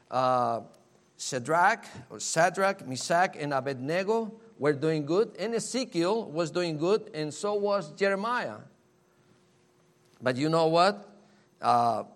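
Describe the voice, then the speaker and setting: Male preacher, sermon delivery, earnest and emphatic, slightly higher voice. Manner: earnest, emphatic, repeats key words for stress; reads scripture in old-fashioned wording.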